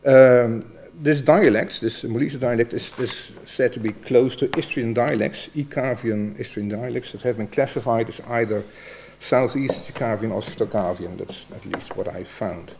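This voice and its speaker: A man questioning a doctoral candidate as examiner, halting and hesitant with many fillers. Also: mid-range voice, vocal fry, noisy background. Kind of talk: formal academic questioning.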